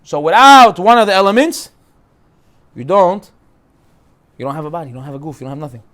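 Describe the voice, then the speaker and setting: A man a notably high-pitched voice gives a casual Torah class, speaking in an animated, jokey way. He slips in and out of little acted voices to make his points. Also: a little fast. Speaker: rabbi.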